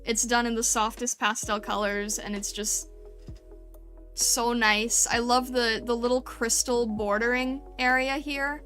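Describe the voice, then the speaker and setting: A woman's voice: a little high, fairly even intonation, a little slow, fairly bright tone, faint music behind. A woman streamer chatting casually and gushing over fan art, full of fillers and little laughs. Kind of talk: casual live-stream chat.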